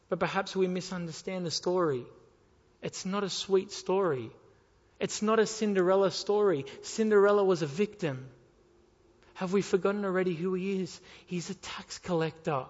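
A male preacher with a high, ringing voice delivers an impassioned sermon, surging to loud appeals and dropping to hushed questions. His voice rolls out through a long hall reverb, and the recording sounds muffled and dull. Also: moderate pace. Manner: impassioned, rising and falling between loud appeals and quiet pleas. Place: church hall.

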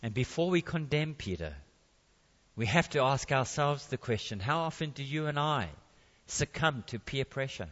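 A man's voice: mid-range voice, lively intonation, normal speed, fairly bright tone, in a large hall, muffled recording. A man preaching a sermon in a conversational way, with jokey asides.

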